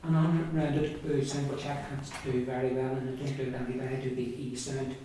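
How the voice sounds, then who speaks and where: Donegal-accented language teacher, repetitive and patient, distant mic in a boomy classroom with noise. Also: flat delivery, a little fast. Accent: Donegal Irish. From Donegal, Ireland. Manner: patient and repetitive, says each word several times, with asides and small laughs. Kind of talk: pronunciation class, teacher models words for the class to repeat. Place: large echoey classroom with a group of learners. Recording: echoey room, distant mic, background noise.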